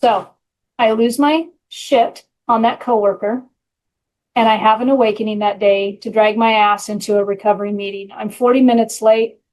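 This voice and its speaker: A middle-aged woman with a fairly high voice tells her own story of recovery. She talks bluntly and frankly, with earthy language, in a candid, personal way. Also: steady tone, moderate pace, a little mellow, low-quality recording. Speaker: podcast host and recovery coach.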